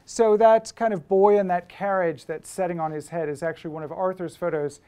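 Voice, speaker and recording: A man's voice: high voice, fairly even intonation, fairly quick, mellow, smooth. A man, a photographer and book publisher, giving an anecdotal lecture to students at a school, telling stories in a conversational way with many fillers and restarts.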